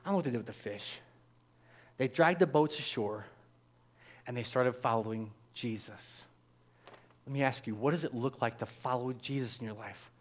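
A man preaching a sermon, animated, acting out the voices of the people in the story. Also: medium pitch, moderate pace, pauses often. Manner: animated, acts out voices of biblical figures. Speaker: pastor.

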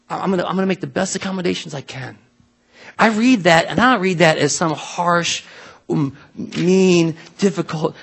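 A man preaching a sermon in a church, conversational and animated, full of asides and questions to the congregation. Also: high voice, vocal fry, husky. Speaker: pastor.

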